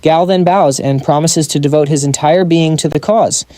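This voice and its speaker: Mellow, wry male recap narrator. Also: a little high, dry recording. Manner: brisk, wry storytelling with playful asides. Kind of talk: scripted story recap narration.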